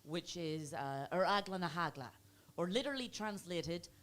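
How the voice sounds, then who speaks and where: A woman's voice: lively intonation, moderate pace, a bit bright. A young woman with a Belfast accent performing a stand-up comedy set in a club, chatty and self-mocking. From Northern Ireland. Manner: chatty, teasing, self-mocking, bursts of high put-on voices.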